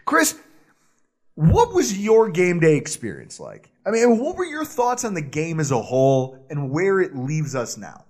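A man co-hosts a casual sports podcast, ranting and riffing with big energy. His voice sits high and leaps wildly up and down. A husky edge runs through it. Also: measured pace. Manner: loud, animated, ranting. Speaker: podcast co-host.

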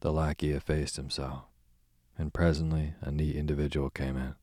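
A man reads a novel aloud as a bedtime audiobook, calm and measured. His voice is extremely deep and flat, the pace very slow, the recording close and dry. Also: dry recording. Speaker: audiobook narrator.

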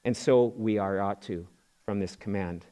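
A man's voice: on the low side, normal speed, dark tone. A middle-aged man preaching a sermon as pastor, in a conversational way, often repeating words and acting out quoted voices.

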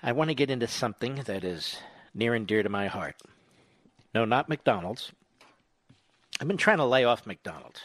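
A man's voice: medium pitch, expressive, moderate pace, pauses often, fairly bright tone, dry recording. Indignant talk-radio man, dry studio sound. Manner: indignant, sarcastic, emphatic. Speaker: radio talk show host. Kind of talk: opinionated talk radio monologue.

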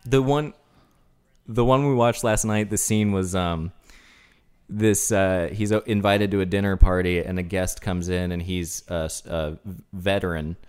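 A man's voice: sits low, measured pace, clear, resonant tone. A man co-hosting a podcast over a video call, chatting casually and telling stories animatedly. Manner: animated storyteller. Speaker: podcast co-host. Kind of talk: casual chat.

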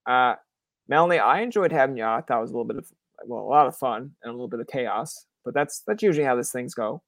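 A young man from Canada hosts a podcast in a relaxed, talkative way. He riffs through stories, acts out what people said, and swears without a second thought. His voice sits in a middle pitch, recorded close and dry with no room sound. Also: fast, no echo. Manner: animated storyteller who acts out quoted voices, swears freely. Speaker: podcast host. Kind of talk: casual interview chat.

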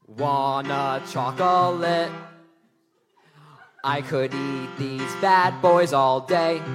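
A man's voice: mid-range voice, extremely slow. A man doing a sweet, simple-hearted bench sitter. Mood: earnest. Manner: earnest sung musical-theatre delivery. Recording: reverberant hall with loud music.

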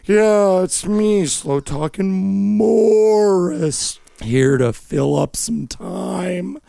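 A man voicing a slow-talking caller on a comedy show, stretching out every word in a drawn-out delivery. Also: high voice, gravelly, warm tone, dry recording, heavily acted. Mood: drowsy.

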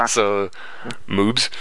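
A man hosting a podcast, chatting casually and joking, then rattling off the show's plugs. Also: lowish voice. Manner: animated, jokey, rattles off plugs quickly. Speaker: podcast host.

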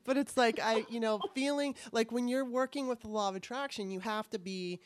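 A woman's voice: on the high side, fairly quick, no echo. A woman hosting a casual chat, talking candidly and in a rambling way, with casual swearing. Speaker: podcast host. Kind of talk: casual conversation.

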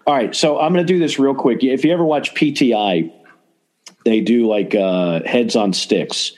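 A man hosting a casual sports podcast, talking in an animated, opinionated way and rambling with restarts. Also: mid-range voice, normal speed. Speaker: podcast host.

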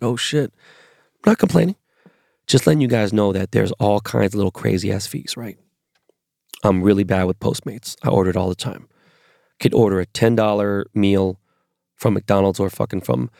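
A man's voice: on the low side, creaky, darkish tone, no room sound, clean studio sound. A man from Los Angeles, perhaps in his forties, telling rambling, profane anecdotes as a podcast host. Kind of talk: casual storytelling monologue.

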